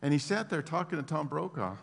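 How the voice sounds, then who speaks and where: Gravelly-voiced preacher in a reverberant hall. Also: male voice, on the high side, lively intonation, a little fast. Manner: laughs at his own asides. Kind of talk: sermon.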